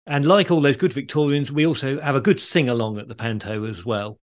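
A man hosting a podcast, calmly explaining in a dry storytelling way and delivering groan-worthy jokes. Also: medium pitch, brisk. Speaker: podcast host. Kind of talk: conversational explaining.

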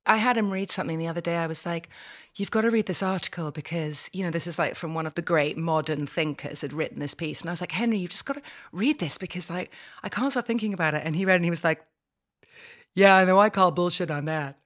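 A middle-aged woman co-hosting an advice podcast in casual chat, animated and quick to laugh. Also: fairly low pitch. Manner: animated, laughs often, acts out quotes. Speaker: podcast co-host.

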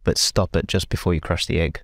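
A man with a very low voice holds forth in a relaxed podcast chat. He rambles, restarts his sentences and swears casually. The sound is close and dry, with no room around it. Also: fairly quick, gravelly, no echo. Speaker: podcast guest.

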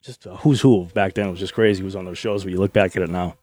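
A man's voice: sits low, steady tone, racing, darkish tone. A middle-aged man, a former wrestler, rambling through anecdotes in a casual interview with frequent laughs and swearing.

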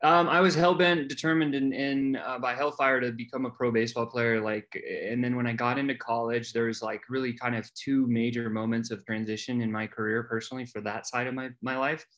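Man, middle-aged, casual talk guest, animated delivery with many fillers. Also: medium pitch, a little fast, few pauses. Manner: animated, acts out quoted voices, many fillers. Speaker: podcast guest telling his story. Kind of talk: casual storytelling chat.

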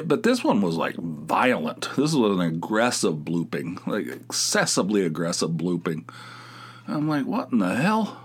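A middle-aged man hosting his podcast alone from a home studio, telling a rambling, self-mocking story in a sarcastic, casual way. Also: medium pitch. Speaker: podcast host. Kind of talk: casual monologue.

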